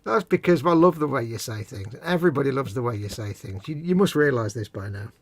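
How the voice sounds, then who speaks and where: A man's voice: medium pitch, animated, quick pace. A man co-hosting a live model-building stream, joking and teasing, explaining things at length. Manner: jokey, teasing, rambling explanations. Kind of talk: casual chat.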